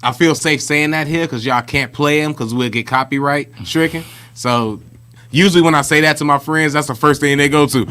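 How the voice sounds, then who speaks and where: A man with a bright, forward voice talks casually as a podcast co-host. His storytelling is chatty and full of slang. His pitch sits in an ordinary middle range. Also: fairly quick. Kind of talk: casual chat.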